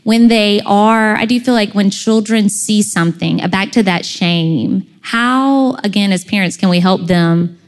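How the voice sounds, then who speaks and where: A woman's voice: mid-range voice, unhurried, hardly any pauses, big-room sound. A woman interviewing a guest, asking questions in a hesitant, searching way.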